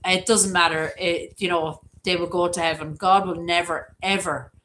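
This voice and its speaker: A woman's voice: fairly low pitch, steady tone, moderate pace, fairly bright tone, a little hiss or hum, rough recording. A middle-aged Irish woman hosting a live stream, chatting casually and reading viewer comments aloud. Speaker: livestream host.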